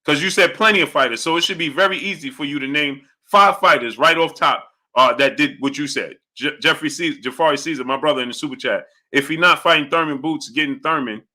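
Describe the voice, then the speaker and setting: A boxing talk show host runs a live chat stream, speaking a little fast with few pauses. He reads super chats, argues with viewers and keeps demanding yes-or-no answers, while greeting chatters in a low, quiet aside.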